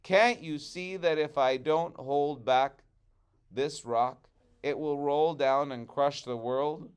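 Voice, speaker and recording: A man's voice: a little high, slow, clear, resonant tone, pitched above the performer's own voice. A man doing a sly, coaxing trickster Rabbit. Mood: pleading. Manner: pleading, persuasive. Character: sly quick-talking male trickster rabbit.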